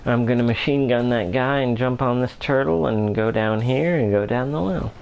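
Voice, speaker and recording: A young man rambles through a story while playing a game, full of fillers and asides. He talks in the polite, even manner of a customer support rep, at a middling pitch, with faint background noise. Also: moderate pace, creaky, lo-fi sound. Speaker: let's player. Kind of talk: casual gameplay commentary.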